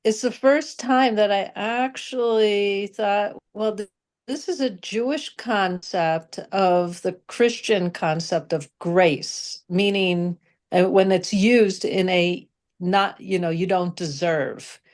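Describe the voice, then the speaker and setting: Slow, halting woman in a study group. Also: mid-range voice, a little mellow. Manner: halting, restarts words mid-thought. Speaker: study participant. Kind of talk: class discussion. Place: joining by video call.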